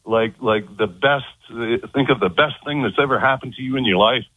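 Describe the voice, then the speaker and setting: A man telling of his abduction as an interview guest, halting and repeating words in earnest. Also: medium pitch, breathy edge, no room sound. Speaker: guest recounting an abduction experience. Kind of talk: phone-in interview. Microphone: telephone. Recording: tinny phone line.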